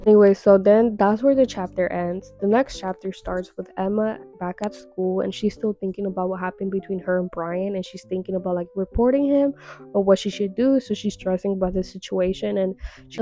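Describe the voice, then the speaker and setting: A woman's voice: medium pitch, steady tone, brisk, mellow, faint music behind. A young woman casually recapping a webtoon, chatty and full of fillers with dramatic little reactions.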